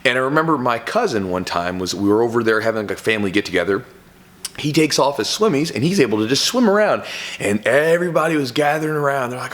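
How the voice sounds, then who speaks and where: A man's voice: mid-range voice, expressive, fast talker, a bit bright. A man who coaches jiu-jitsu, giving loose, conversational advice to camera, full of fillers and "right?" tags. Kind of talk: casual advice talk to camera.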